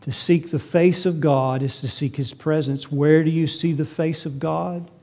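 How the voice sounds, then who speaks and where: Male pastor mid-sermon, high-pitched voice; animated delivery with big loud peaks and hushed asides. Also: unhurried. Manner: animated preaching, swinging from loud emphasis to quiet asides.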